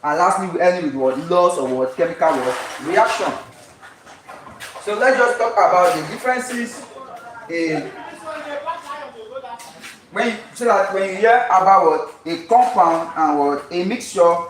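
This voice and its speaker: A high-voiced man teaching chemistry, throwing out "what?" after half a sentence and then filling in the answer himself. He stretches out key terms to drive them home. The voice comes from across an echoey classroom, with noise in the background. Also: distant mic. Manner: call-and-response teaching, constantly asks "what?" and answers himself; repeats key terms slowly for emphasis. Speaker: chemistry tutor. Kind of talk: live-streamed exam lesson. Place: classroom with whiteboard.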